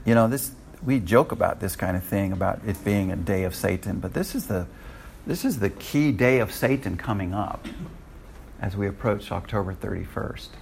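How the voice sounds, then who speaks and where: A man's voice: fairly low pitch, normal speed, gravelly, darkish tone, slight background noise. An older man teaching a Bible study in a conversational way, often restarting his sentences.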